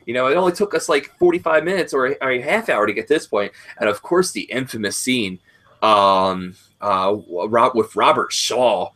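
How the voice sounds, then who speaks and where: Guy in his 30s going off on a sweary rant, rambling, mid pitch. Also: normal speed. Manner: profane, rambling, animated storytelling. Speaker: podcast co-host. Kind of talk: casual ranting chat.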